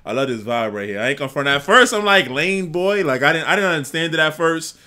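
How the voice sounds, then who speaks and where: A young man hosting a music reaction channel, excitable and slangy, rambling with lots of fillers. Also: on the high side, fast talker. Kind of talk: casual reaction commentary.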